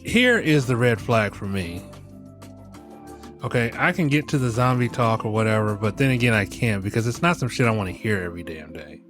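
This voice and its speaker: A man's voice: lowish voice, a little fast, over music. A middle-aged man hosting a podcast in a casual comic monologue, laughing often, swearing freely and talking straight to his listeners. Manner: animated, laughing, profane, talks to listeners as y'all. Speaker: podcast host.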